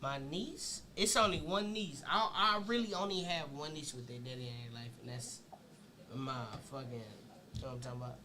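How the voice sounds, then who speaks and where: A man's voice: medium pitch, a little fast, noisy background. A man co-hosting a casual podcast, telling stories in a loose, profane way, often restarting his phrases. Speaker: podcast co-host. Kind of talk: casual storytelling chat. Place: radio or podcast studio.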